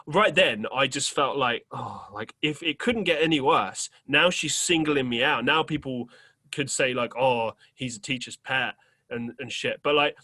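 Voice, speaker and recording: A man's voice: medium pitch, normal speed, sharp tone, slightly rough. A young man hosting a podcast, telling a rambling story in casual chat, full of fillers and casual swearing. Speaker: podcast host.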